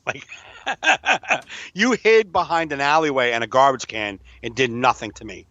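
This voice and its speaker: A man's voice: mid-range voice, dry recording, highs cut off. A middle-aged man co-hosting a podcast, telling stories with animation and laughing easily. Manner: animated storyteller, quick to laugh. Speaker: podcast co-host. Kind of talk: casual chat.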